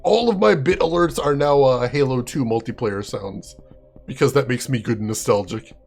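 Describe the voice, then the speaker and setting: A man's voice: medium pitch, normal speed, creaky, darkish tone, soft background music. A man live-streaming a game in a chatty way, laughing often and answering viewers by name. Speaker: game streamer reading chat. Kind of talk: casual live-stream chat.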